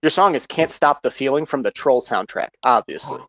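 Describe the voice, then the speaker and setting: A man's voice: medium pitch, animated, brisk, creaky, fairly bright tone, no room sound, dull audio. A man co-hosting a casual podcast over a video call, bantering and swearing with the guests. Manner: joking, profane banter. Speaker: podcast co-host.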